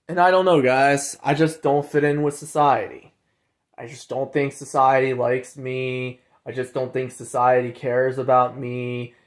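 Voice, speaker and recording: A man's voice: flat delivery, a little slow. A man ranting casually to his viewers, repeating points over and over and ending phrases with "okay?" and "guys.". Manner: repetitive, says "okay?" and "guys" after most points; mocks others in higher put-on voices. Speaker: vlogger. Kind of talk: casual rant to camera.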